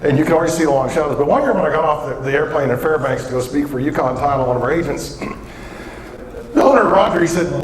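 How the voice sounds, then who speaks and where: A man from southwestern Colorado giving a humorous conference keynote, an energetic storyteller who quizzes the crowd. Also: a little high, quick pace. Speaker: keynote economic speaker. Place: large conference hall. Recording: echoey conference hall.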